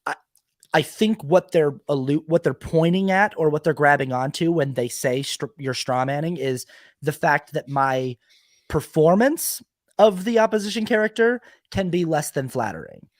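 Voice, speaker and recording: A man's voice: a little high, moderate pace, dry recording. Podcast guest, man, emphatic casual talker who restarts his sentences, close and dry. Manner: animated, self-correcting, emphatic. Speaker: podcast guest, sketch video maker. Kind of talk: casual conversation.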